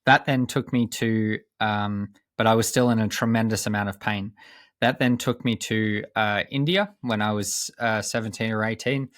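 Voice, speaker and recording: A young man, a coach and podcast guest, telling a personal story in a measured, earnest way with pauses and restarts. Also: on the low side, fairly even intonation, fairly bright tone, no room sound, clean studio sound.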